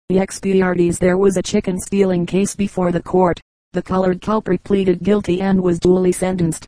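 A woman's voice: on the low side, normal speed, dry recording, low-quality recording. A woman narrating an audiobook of short humorous anecdotes, reading evenly and lightly voicing the quoted lines. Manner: even storytelling read, voicing quoted lines.

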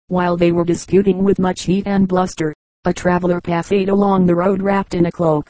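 A woman reading children's fables aloud in a measured, steady storybook narration. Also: fairly low pitch, dry recording, rough recording. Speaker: audiobook reader.

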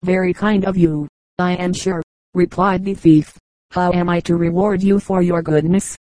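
A woman reading a children's story aloud as an audiobook narrator, in an even, measured way. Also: on the low side, dry recording, low-quality recording. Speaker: audiobook reader. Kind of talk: scripted narration.

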